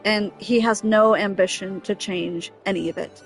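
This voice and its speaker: A woman's voice: mid-range voice, steady tone, moderate pace, faint music behind. A woman streaming a game, talking casually and venting in an exasperated, emphatic way that keeps circling back to the same point. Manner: exasperated, emphatic, repeats herself. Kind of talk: casual venting chat over gameplay.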